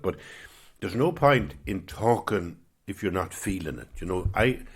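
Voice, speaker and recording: A man hosting his own podcast, giving a gentle, musing spiritual talk at an unhurried pace. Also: sits low, slightly rough. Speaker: podcast host.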